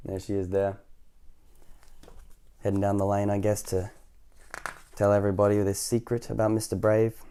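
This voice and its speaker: A man's voice: fairly low pitch, little pitch movement, normal speed, long pauses, warm tone, clean tone. A man hosting storytime, reading a children's picture book aloud with casual asides to young listeners. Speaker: storytime host.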